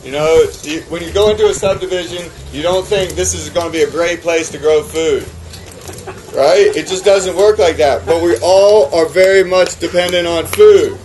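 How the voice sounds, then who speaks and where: With a fairly high, slightly mellow voice at a moderate pace, a farmer from New England passionately addresses a live conference audience about farming and keeps tossing rhetorical questions their way. The recording is poor, with slight background noise.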